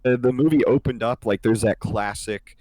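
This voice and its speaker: A man's voice: medium pitch, normal speed, darkish tone, soft background music. A young man co-hosting a podcast, talking in a rambling, casual way, full of swearing and fillers. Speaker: podcast co-host. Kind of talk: casual chat.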